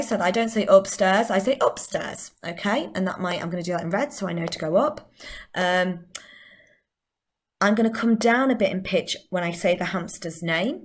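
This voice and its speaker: A woman's voice: lowish voice, slight background noise. A woman with a Northern English accent, a drama teacher giving a chatty recorded lesson and explaining step by step.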